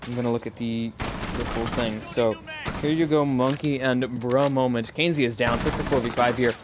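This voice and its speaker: A man's voice: mid-range voice, fairly even intonation, normal speed, background noise. A man giving live play-by-play commentary on an esports match, talking casually and rambling, chatting with viewers between plays. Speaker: solo esports caster.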